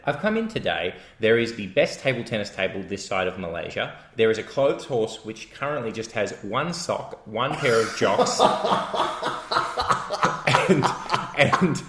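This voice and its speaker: Aussie guy, lowish voice, chatty storyteller, roomy echo. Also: very animated, unhurried, fairly bright tone, a little hiss or hum. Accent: Australian. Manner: rambling storyteller, laughs often. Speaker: podcast co-host. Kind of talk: casual comedic chat.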